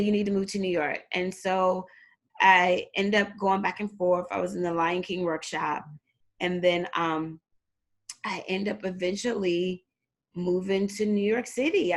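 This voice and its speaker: A middle-aged woman telling a long personal story in a relaxed interview. She talks in an animated way and jumps into other people's voices as she quotes them, at a middle pitch for a woman. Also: gravelly. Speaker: guest, performer and fitness trainer.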